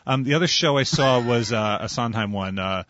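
A man co-hosting a casual chat, animated and jokey, making fun of himself. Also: medium pitch, a little fast, no echo. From New York. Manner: animated, jokey, self-deprecating. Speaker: podcast co-host. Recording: dull dry lo-fi recording.

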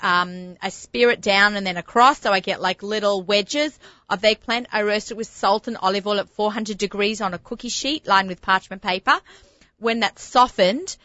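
Australian woman, food radio host; bright, chatty, dry muffled studio sound. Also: mid-range voice, no echo. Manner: chatty, laughing, gushing about food. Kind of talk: casual radio chat and recipe segment. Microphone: studio microphone.

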